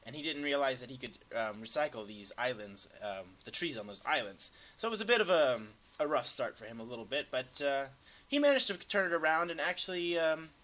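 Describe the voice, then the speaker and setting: Bright-voiced man rambling over gameplay. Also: mid-range voice, rough recording. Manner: self-deprecating, rambling, bursts into excited yelps. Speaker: gameplay commentator. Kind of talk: casual gameplay commentary.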